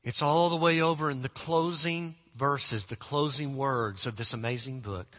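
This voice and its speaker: A man preaching a sermon, earnest and emphatic, slowing down and dropping to a hushed, prayerful tone at times. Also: medium pitch, in a large hall.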